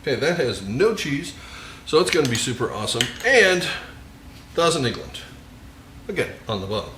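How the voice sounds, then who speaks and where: Man, home cooking host, mid pitch, jokey and eager, roomy kitchen sound with a faint hiss. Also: very animated, normal speed, sharp tone. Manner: jokey, enthusiastic, savoring food with murmured mms. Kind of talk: casual cooking vlog with tasting.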